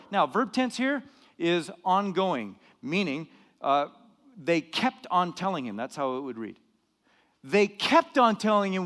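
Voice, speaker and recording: A man preaching a sermon as pastor, dramatic and lively, acting out quoted lines and getting louder for emphasis. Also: unhurried. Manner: dramatic, acts out quoted lines, rises in pitch and volume for emphasis. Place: church hall. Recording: long hall reverb.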